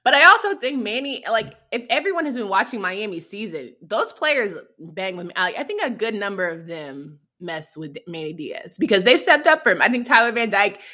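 A woman co-hosting a casual sports talk show, breezy and slangy in the way she talks, and quick to laugh. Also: mid-range voice, bright, forceful tone.

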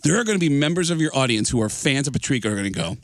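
Podcast guy telling a funny story, lively up and down voice, dry studio sound. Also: medium pitch, racing, no room sound. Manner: animated, laughs through his stories. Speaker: podcast host. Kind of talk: comic storytelling.

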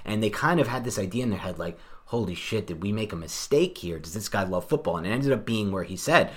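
A man co-hosting a sports podcast, talking through draft picks in fast, animated casual chat. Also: lowish voice, breathy edge. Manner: fast, animated, self-deprecating. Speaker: podcast co-host.

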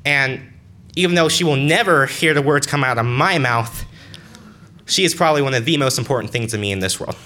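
Young male storyteller, bright voice, earnest and halting, casual delivery. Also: mid-range voice, a little hiss or hum. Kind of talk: personal story told to an audience.

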